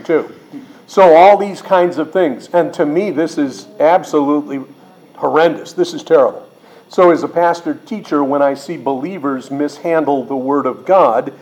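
A middle-aged man, a pastor teacher, preaching a sermon in an emphatic way, slowing and rising on quoted words. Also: medium pitch, a little mellow, dull audio.

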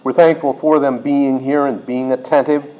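A middle-aged man, a pastor teacher, preaching a sermon in an emphatic way, slowing and rising on quoted words. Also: medium pitch, steady tone, warm tone, dull audio.

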